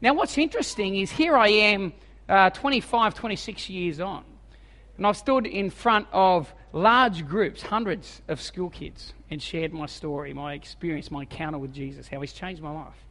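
A man's voice: sits high, moderate pace, pushed and bright, long reverb tail. An Australian man in his forties preaching a sermon as a humorous, self-mocking storyteller. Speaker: evangelist preacher.

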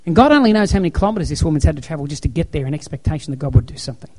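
A man's voice: fairly high pitch, lively intonation, very fast, darkish tone. A man preaching a sermon as pastor, telling stories in an emphatic, repetitive way.

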